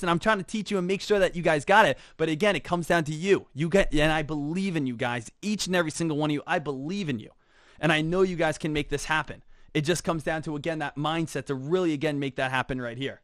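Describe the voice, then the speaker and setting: A trading instructor with a high, bright voice gives an energetic lesson, constantly tossing in a rhetorical "right?" and repeating "again." He briefly puts on quick voices for imagined students, and the recording is dry and close.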